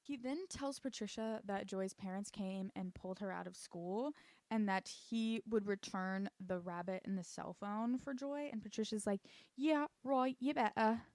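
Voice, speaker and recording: A woman's voice: mid-range voice, moderate pace, a little mellow, dry recording. A woman chatting casually and sarcastically as she recaps a TV show, full of "like" asides. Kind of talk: casual commentary.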